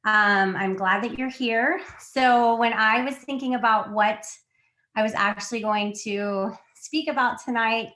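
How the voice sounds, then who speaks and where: A chatty woman in her thirties gives a candid pep talk to her team over a video call, her voice set a little high. She is sick and slightly out of breath, laughs often, and fills pauses with ums, in an echoey room. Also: pushed and bright. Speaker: team leader on a sales call. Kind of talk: casual motivational talk.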